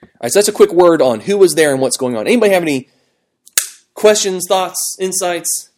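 A man teaching a Bible study class, talking in a conversational, animated way with fillers and restarts. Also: high-pitched, a little fast. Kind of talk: classroom Bible lesson with fill-in notes.

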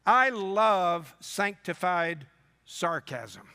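Male preacher, slow, sarcastic scripture sermon, long echo of a big hall. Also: high voice, smooth. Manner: reads scripture aloud and breaks in with lively, sarcastic asides.

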